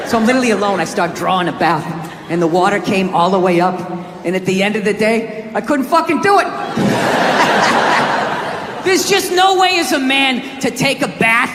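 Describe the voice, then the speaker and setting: Brief: middle-aged male stand-up comic, profane and exasperated, shouting rants, live hall with a noisy crowd. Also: very high-pitched, a little fast. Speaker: stand-up comedian. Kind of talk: stand-up comedy rant. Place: large theater on stage. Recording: live show, roomy echo, loud crowd laughter. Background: audience laughter.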